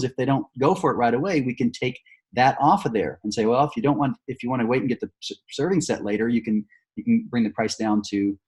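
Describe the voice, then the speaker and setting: A man with a slightly husky voice leads a sales training session. He switches between coaching his team and acting out a pitch to a customer. His delivery is upbeat and encouraging, full of fillers and restarts.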